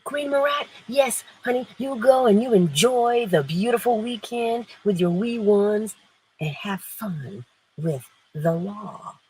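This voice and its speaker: A woman's voice: mid-range voice, animated, slow, a little mellow, slight background noise, low-quality recording. A woman hosting an inspirational morning livestream, playful and emphatic, laughing often and answering viewers in the chat. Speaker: livestream host.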